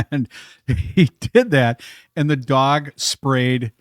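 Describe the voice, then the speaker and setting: A man co-hosting a laid-back podcast tells family prank stories with animated energy, breaking into laughter. His voice sits at a middling pitch. The sound is close and dry, with no room around it. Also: extremely slow, dry recording. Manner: animated storyteller, laughs while telling. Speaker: podcast co-host. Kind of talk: casual chat.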